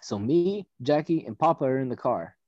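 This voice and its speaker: A man's voice: mid-range voice, normal speed, dry recording. A man telling a long story in casual chat, rambling and profane, acting out the people he quotes. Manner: rambling, profane, animated retelling with quoted voices. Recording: dull dry audio.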